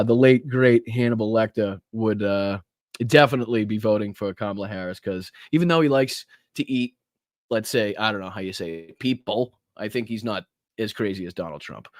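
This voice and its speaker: Man, Boston accent, podcast host, energetic shout-outs, dry close sound. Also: lowish voice, no room sound. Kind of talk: livestream chat with viewers.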